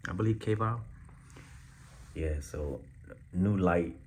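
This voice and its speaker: Low-voiced man in a laid-back vlog. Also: a little mellow, a little hiss or hum. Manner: laid-back, slangy, halting with many fillers. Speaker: vlogger. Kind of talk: casual direct-to-camera update.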